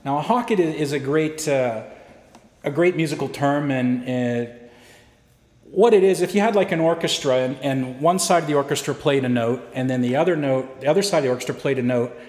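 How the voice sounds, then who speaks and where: A man teaching fingerpicking technique in a guitar lesson, explaining step by step in a relaxed way with frequent fillers. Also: medium pitch, a little fast. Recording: roomy echo with guitar playing.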